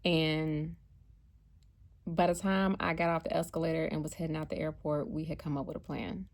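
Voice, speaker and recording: A chatty American woman tells a story from her travels, her voice low and gravelly. She talks casually and animatedly, slipping into the voices of the people she met. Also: normal speed. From United States. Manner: chatty, animated, acts out quotes. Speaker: vlogger and spiritual card reader.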